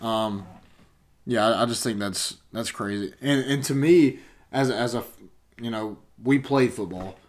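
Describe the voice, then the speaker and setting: A man's voice: medium pitch, a little slow. Easygoing young male co-host, casual sports chat. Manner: laid-back, agreeable, many fillers. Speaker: podcast co-host.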